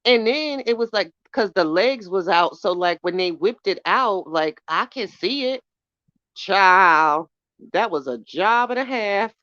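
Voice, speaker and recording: A woman's voice: mid-range voice, lively intonation, normal speed, hardly any pauses, fairly bright tone, dry recording. A woman hosting a podcast, chatting casually with her live chat and telling gossipy stories in a blunt, profane way. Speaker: podcast host. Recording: dull lo-fi dry sound.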